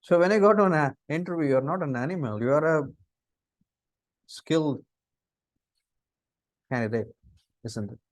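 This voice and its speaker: A middle-aged man with an Indian English accent, giving a lecture on interview skills, lively and full of rhetorical questions. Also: fairly high pitch, normal speed, long pauses, dry recording. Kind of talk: lecture on interview body language.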